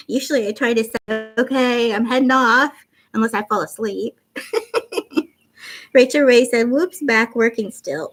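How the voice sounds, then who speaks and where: A woman in her fifties with faint Canadian and Southern traces, a tired, goofy livestream host chatting, giggling and reading viewer comments. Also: a little high. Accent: mixed Canadian and Southern traces. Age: 50s.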